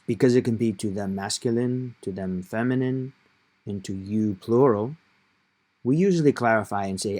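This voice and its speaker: A man's voice: medium pitch, normal speed, darkish tone. A man teaching a Spanish grammar lesson, explaining patiently and step by step, stressing key points.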